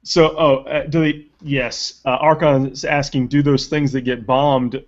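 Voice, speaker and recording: A man hosting a casual live webcast chat and reading viewer questions, animated and rambling with restarts. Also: medium pitch, unhurried, lo-fi sound. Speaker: webcast host.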